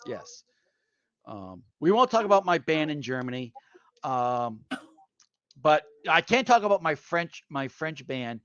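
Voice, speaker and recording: Higher-voiced man with a Boston accent. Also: unhurried, pauses often, clean tone, dry recording. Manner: animated anecdotal storyteller, addresses listeners as folks. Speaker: veteran telling stories. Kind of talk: casual chat. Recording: dull lo-fi audio.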